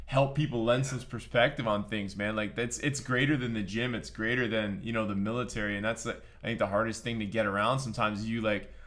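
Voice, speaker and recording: A man's voice: on the low side, fairly even intonation, brisk, hardly any pauses, a bit bright. A man hosting a podcast, chatting casually and rambling with lots of filler words. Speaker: podcast host.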